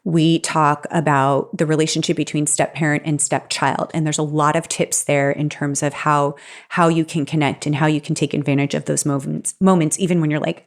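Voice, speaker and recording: A woman with a notably low voice talks through advice on her own podcast. She sounds earnest and encouraging, speaking in a loose, conversational way as she reasons things out. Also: fairly even intonation, moderate pace. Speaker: podcast host; stepparent. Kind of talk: solo podcast advice talk.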